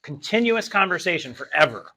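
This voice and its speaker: A man's voice: on the high side, very animated, a little fast, creaky, pushed and bright, breathy edge. A man, a teacher, chatting casually with a student over wings, jokey and rambling. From New Jersey.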